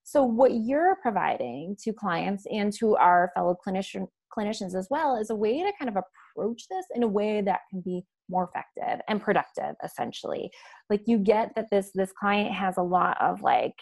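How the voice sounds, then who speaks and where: A woman with a mid-range voice hosts the conversation. She mostly offers short affirmations, then reflects back and sums up in an even, measured way. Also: medium pitch, creaky. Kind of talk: professional conversation.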